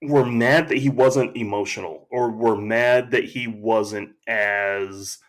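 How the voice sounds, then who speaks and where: A man talking as a podcast guest, telling stories in a slow, reflective way and acting out quotes. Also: fairly low pitch, fairly even intonation. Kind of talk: casual conversation.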